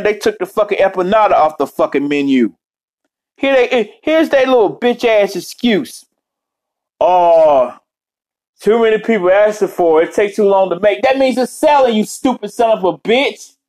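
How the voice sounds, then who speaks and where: Man, casual vlog rant, slightly high voice, swears nonstop and rambles. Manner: cursing constantly, rambling, animated. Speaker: vlogger.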